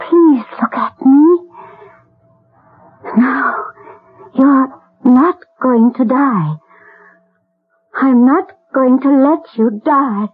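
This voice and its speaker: An actress playing a gentle wealthy lady, speaking tenderly and pleading through tears, in a 1970s radio drama. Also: a little high, husky, exaggerated voice. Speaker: lady of the house. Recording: tinny old radio broadcast.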